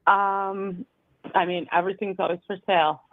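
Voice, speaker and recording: A woman who owns rental houses answering a cold call, hesitant and noncommittal, with many pauses. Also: mid-range voice, steady tone. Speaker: homeowner and landlord on a call. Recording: tinny phone line.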